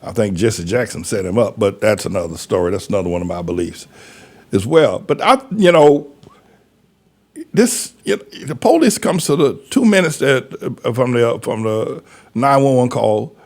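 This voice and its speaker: Gravelly, husky man rambling lively. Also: medium pitch, normal speed. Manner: folksy, rambling, chuckling asides. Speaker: pastor. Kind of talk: rambling commentary monologue.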